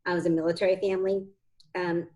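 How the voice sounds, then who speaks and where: A woman's voice: lowish voice, level tone, fast, mellow, rough recording. Heartfelt woman telling an adoption story. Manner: heartfelt and earnest, close to tears. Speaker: interview guest, adoptive mother and foundation founder. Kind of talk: conversational interview storytelling.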